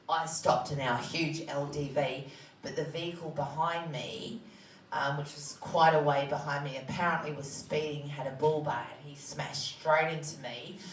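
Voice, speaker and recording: A woman's voice: deep voice, recorded from a distance, a little hiss or hum. A woman, candidly telling her own story of survival in plain words. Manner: candid, plain-spoken, halting with fillers. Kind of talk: personal testimony. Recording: echoey room, voice from off-mic.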